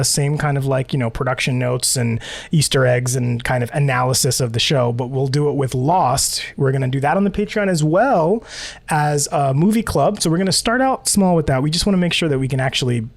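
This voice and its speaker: Male podcast co-host with a slightly high voice. Bubbly, giggly and rambling, recorded close and dry. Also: dry recording. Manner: bubbly, laughs often, rambling restarts. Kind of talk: casual podcast chat.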